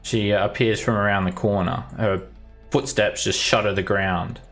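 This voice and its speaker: Low-voiced male dungeon master. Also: steady tone, normal speed, a bit bright, faint music behind. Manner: loose descriptive narration. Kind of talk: narrating a tabletop game.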